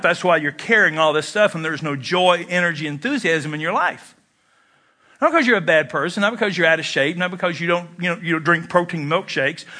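A man preaching a sermon, animated and jokey, jumping into mock voices and leaping in pitch. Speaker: pastor.

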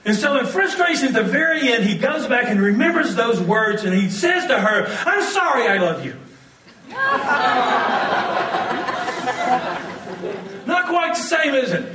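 High-voiced animated preacher man in an echoey hall. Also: a little fast, few pauses, far from the mic, a crowd in the background, background noise. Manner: animated, laughing storyteller. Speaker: pastor. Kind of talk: sermon.

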